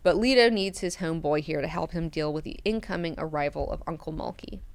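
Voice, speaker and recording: A woman hosting a book club, recapping chapters in a casual, animated, profane way. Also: low-pitched, brisk, dry recording.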